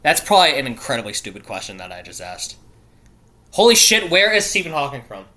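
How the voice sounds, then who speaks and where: Mid-range, very animated, brisk, bright and forceful, the voice belongs to a man who isn't British hosting a casual solo show. While reading news quiz questions he swears often, grows exasperated, interrupts himself, and mangles place names.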